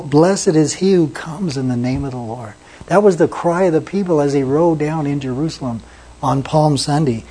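A man preaching an evening sermon in a mellow, slightly husky voice. He talks earnestly and drops soft and low whenever he repeats a name from scripture. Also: low-quality recording. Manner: earnest, repeats names softly for emphasis. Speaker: pastor.

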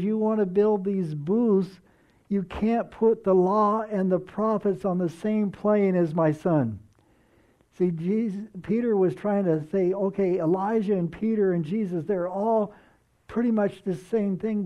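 A man preaching a sermon in a slow, earnest way, dropping soft and low when he quotes. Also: muffled recording.

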